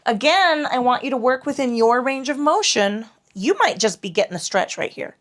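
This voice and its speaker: A woman yoga instructor guiding a class through hip and low back moves, cueing breath in a frank, playful way with casual swearing. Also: expressive, normal speed, a bit bright.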